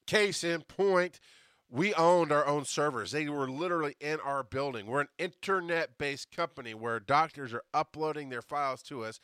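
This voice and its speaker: A man's voice: on the high side, dry recording. Podcast guy rambling thru a work story, swears a lot, trips over his words, super dry close sound. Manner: animated, profane, many restarts. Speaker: podcast host. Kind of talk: casual storytelling monologue.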